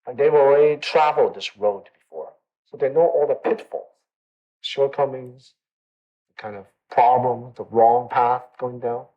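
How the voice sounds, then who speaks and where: A man with a medium-pitched voice gives a dharma talk to a meditation class at a measured pace, captured in lo-fi sound. He's conversational, often checking in with listeners and repeating phrases for emphasis.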